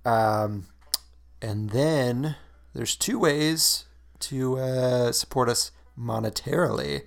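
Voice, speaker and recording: A man's voice: medium pitch, takes it slowly, gravelly. A man co-hosting a casual podcast, chatty and laughing often. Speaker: podcast co-host. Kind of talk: casual chat.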